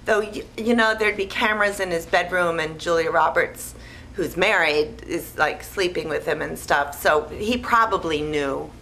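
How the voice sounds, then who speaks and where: A woman retelling a movie plot in a rambling, deadpan, naive way, with lots of "like" and "you know". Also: lowish voice, normal speed, slight background noise, rough recording. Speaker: movie recapper.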